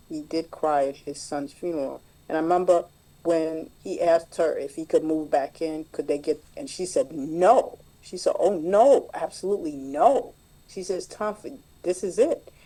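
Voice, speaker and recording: Middle-aged woman, mellow voice, reflective personal share at a group meeting. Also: deep voice, rough recording. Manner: plain, reflective storytelling with many fillers. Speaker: meeting member sharing.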